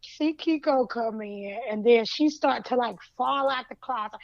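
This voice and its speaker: High-voiced woman retelling a story animatedly. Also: measured pace, creaky, dry recording, highs cut off. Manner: animated storytelling in colloquial Southern US English, acts out lines. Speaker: podcast co-host reviewing a fan story. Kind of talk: casual retelling chat.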